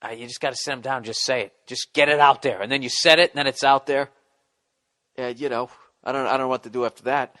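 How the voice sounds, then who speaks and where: A man in his fifties with a Boston accent, hosting a comedy podcast and giving profane, self-mocking advice, now and then bursting into frustrated yelling. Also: medium pitch, fairly even intonation, fast talker. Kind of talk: casual comedic advice rant.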